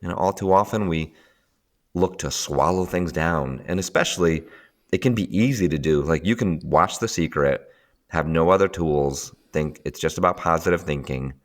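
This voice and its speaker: A man's voice: rumbling low, normal speed. A middle-aged man, a guest in a casual conversation, talking animatedly, laughing often and acting out voices as he tells stories.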